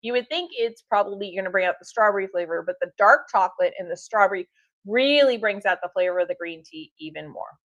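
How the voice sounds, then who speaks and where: A woman's voice: medium pitch, expressive, quick pace, a bit bright, dry recording. A woman hosting a live stream for her tea shop, talking in a chatty, upbeat way with fillers and laughs. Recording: dull lo-fi stream audio.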